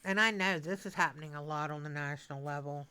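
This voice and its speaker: A woman's voice: sits low, quick pace, clear, resonant tone. A woman in her sixties giving a casual, emotional tarot reading, repeating key phrases and often stepping away from the mic. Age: 60s. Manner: animated, repetitive, emotional. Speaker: tarot reader. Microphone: mic that she moves away from at times.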